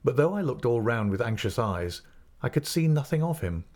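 A man reads a classic novel aloud in a measured, expressive voice. His pitch sits in the middle for a man. The delivery is steady and storybook-like. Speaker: narrator.

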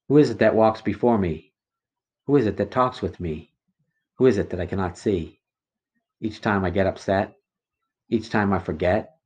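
A man reciting his own rhyming religious poems in a slow, measured, rhythmic way. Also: fairly low pitch, darkish tone, slightly rough. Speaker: poet reciting testimony. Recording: dull lo-fi recording.

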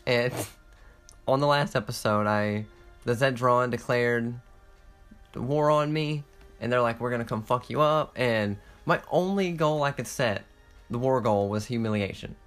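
A young man giving casual, excitable commentary while playing a strategy game, swearing often and laughing through his restarts. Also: mid-range voice, a little slow, faint music behind. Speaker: gaming content creator.

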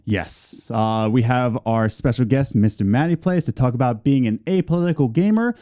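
A man's voice: medium pitch, normal speed, mellow. A man co-hosting a casual gaming podcast, reading plugs and news with playful, teasing asides. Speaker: podcast co-host.

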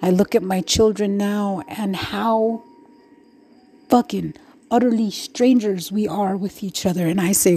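A woman's voice: mid-range voice, measured pace, dark tone, a little hiss or hum. A middle-aged woman hosting a podcast, talking through her hurt and frustration in a raw, profane, rambling monologue full of restarts. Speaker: podcast host. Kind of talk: emotional personal monologue.

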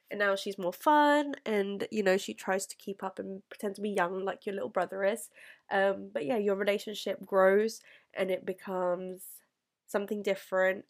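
A woman's voice: mid-range voice, a little mellow. A young woman, talking in an earnest, rambling way to her past self, close to tears. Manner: earnest, rambling, fillers and restarts. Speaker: vlogger.

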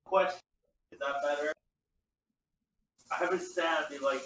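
A man's voice: on the high side, fairly even intonation, moderate pace, bright, forceful tone. Distant man with dry replies, roomy sound. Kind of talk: casual chat. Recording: roomy and distant with background noise.

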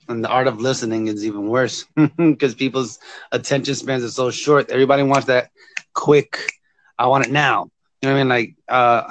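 A man hosting his podcast in casual chat, relaxed and rambling, chuckling as he talks. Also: mid-range voice, dry recording. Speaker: podcast host.

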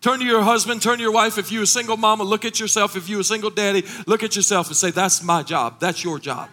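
A middle-aged man preaching a sermon as pastor, impassioned, rising into shouted, sung cadences. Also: sits high, level tone, fast talker.

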